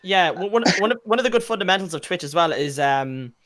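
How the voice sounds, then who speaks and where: A man's voice: high-pitched, lively intonation, quick pace, over a noisy crowd. A young Irish man, a guest streamer, chatting casually on a podcast and telling stories full of slang and acted-out quotes. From Ireland.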